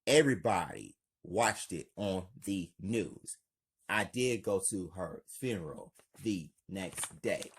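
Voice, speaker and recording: A man reading the part of a steady single father in a quiet, plain way. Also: low-pitched, takes it slowly, breathy edge, pitched below the performer's own voice, full character voice. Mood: somber.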